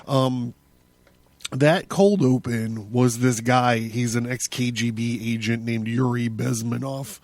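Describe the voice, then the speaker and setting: A man's voice: mid-range voice, steady tone, takes it slowly, a little mellow, no room sound. A man hosting his own podcast, talking through a casual solo monologue in a rambling way, with many restarts and chuckles. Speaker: podcast host.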